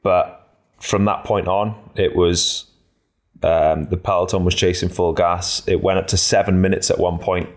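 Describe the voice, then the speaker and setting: Male pundit, very deep voice, relaxed rambling delivery with plenty of ums, easygoing podcast chat. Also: moderate pace. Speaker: podcast co-host, cycling pundit.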